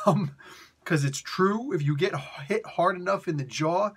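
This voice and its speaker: A man's voice: high voice, measured pace, a bit bright, husky. A man reviewing a comic book in a casual, rambling rant, exasperated and full of mocking put-on quotes. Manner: exasperated, rambling, mock-quoting.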